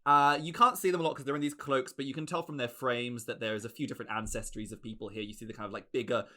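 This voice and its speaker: A man's voice: medium pitch, steady tone, fast, bright, forceful tone. A man narrating as game master of a tabletop role-playing game, casual and full of ums and likes. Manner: casual, many ums and likes, laughs often.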